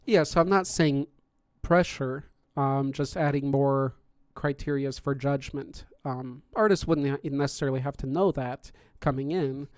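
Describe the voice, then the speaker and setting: Speaking unhurriedly in a mid-range voice, this man hosts a podcast stream and judges contests. In loose, casual chat he explains the judging, full of fillers and false starts, and the studio sound is clean with no echo.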